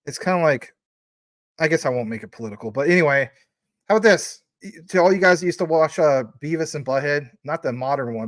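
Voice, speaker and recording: A man's voice: mid-range voice, dry recording. A man in his forties hosting a casual livestream, chatting in a rambling way with lots of fillers while reading out and thanking viewers' super chats. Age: 40s. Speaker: crypto livestream host.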